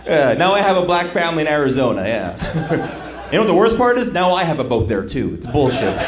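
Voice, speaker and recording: A man's voice: a little high, very animated, normal speed. A man doing a stand-up set on a club stage, telling stories and laughing at his own jokes. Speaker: stand-up comedian. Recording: roomy live club with crowd laughter. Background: audience laughing.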